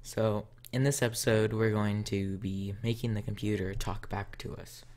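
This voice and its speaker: A man's voice: on the low side, flat delivery, normal speed, a little mellow, a little hiss or hum. A man hosting a casual coding tutorial, talking step by step while he types. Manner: talks step by step while typing. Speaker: tutorial host.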